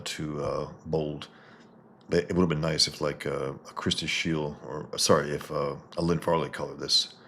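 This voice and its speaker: Deep gravelly man reviewing comics. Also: a little hiss or hum. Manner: relaxed, with quick asides and sound-effect reading. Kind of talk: casual comic review, reading panels aloud.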